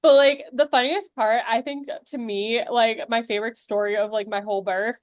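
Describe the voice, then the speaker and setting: Young woman with a high voice, chatty and laughy, dry close sound. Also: steady tone, moderate pace, dry recording. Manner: chatty, laughs while telling stories. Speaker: podcast co-host, new mother. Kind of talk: casual chat.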